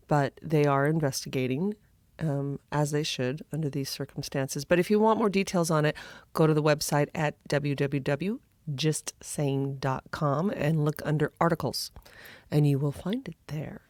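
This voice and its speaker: A woman with a low voice hosts her own podcast, chatting casually and slipping in little laughs. She has a froggy, just-woken-up sound. The recording is dry and close. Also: darkish tone, dry recording. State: froggy morning voice. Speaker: podcast host.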